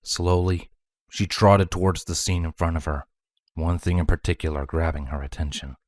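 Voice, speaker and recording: Man, very deep voice, measured dramatic story narration, dry close sound. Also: fairly even intonation, a little mellow, dry recording. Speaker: fanfiction reader.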